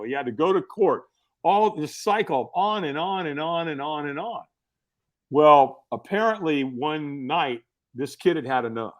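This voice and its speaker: A middle-aged man telling stories as a podcast guest, in a casual, animated way full of fillers and restarts. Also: mid-range voice. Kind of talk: casual storytelling.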